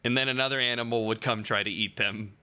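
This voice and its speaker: A man co-hosting a podcast in casual chat, deadpan and hesitant, making dry jokes. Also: mid-range voice, quick pace, clean tone. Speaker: podcast co-host.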